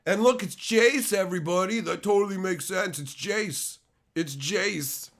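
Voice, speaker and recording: A middle-aged man live-streaming, who is sick and losing his voice, loudly and profanely mock-insulting his chat. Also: high-pitched, unhurried. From Canada. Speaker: card-opening streamer.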